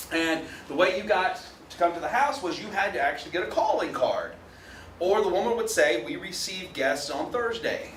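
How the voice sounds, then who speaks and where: A man's voice: fairly high pitch, a bit bright, slight background noise. A man giving a classroom lecture, chatty, often checking in with "right?". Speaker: university lecturer. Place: lecture hall. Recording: echoey lecture hall from far off.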